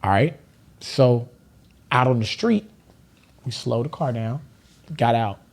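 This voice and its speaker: A man's voice: medium pitch, expressive, slow pace, vocal fry. A middle-aged man from Los Angeles, a podcast guest telling stories casually and animatedly, laughing often and acting out other people in a raised voice. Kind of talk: casual storytelling. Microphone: studio podcast mic.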